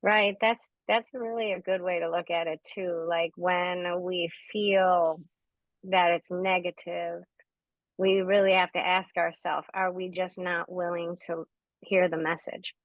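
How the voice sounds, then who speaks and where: A woman's voice: lowish voice, level tone, measured pace, dry recording, muffled recording. A woman hosting a spiritual group session on a video call, encouraging and affirming the members. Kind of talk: supportive group discussion.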